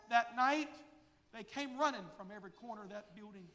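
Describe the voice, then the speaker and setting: Man, 40s, pastor preaching a sermon, hushed then shouting, echoing church sanctuary, long reverb. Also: very high-pitched, normal speed. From United States.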